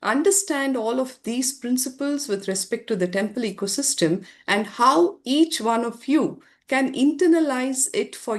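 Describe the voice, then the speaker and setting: A woman giving a slow, earnest slide presentation to an audience in a conference room, with some fillers. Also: fairly high pitch. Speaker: presenter at a summit session.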